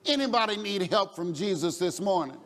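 High-voiced preacher in a ringing hall. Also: male voice, animated, a little fast. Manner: call-and-response preaching, shouting and chanting the refrains. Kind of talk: sermon.

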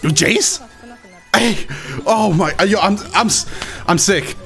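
A man reacting excitedly as a gaming YouTuber, exclaiming and repeating phrases over and over. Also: high-pitched, slow, soft background music. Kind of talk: excited live reaction commentary.

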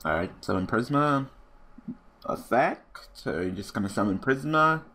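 A man's voice: medium pitch, animated, unhurried, bright, forceful tone, husky. A young man hosting his own channel, giving casual commentary over a card game as he plays, muttering and swearing when things go wrong. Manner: swears a lot, frustrated muttering. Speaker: gaming channel host.

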